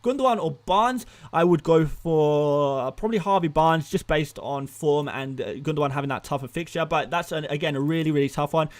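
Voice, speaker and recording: A man's voice: a little high, a little fast, hardly any pauses. A young man hosting a live stream, firing off answers to chat questions with frequent restarts and repeated words. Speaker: fantasy football streamer.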